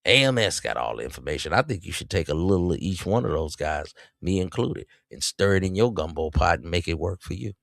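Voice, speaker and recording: Low gravelly guy hosting a podcast, preachy, mocks folks, dry close sound. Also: big pitch swings, a little fast, hardly any pauses, fairly bright tone, dry recording. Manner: preachy, mocking, swings high in pitch to taunt. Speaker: podcast host. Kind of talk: reacting to clips with commentary.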